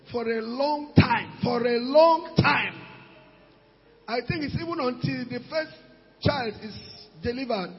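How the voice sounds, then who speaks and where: A man with a Nigerian English accent preaching a sermon, animated, breaking into shouts and pidgin asides. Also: very high voice. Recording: dull recording in a reverberant hall.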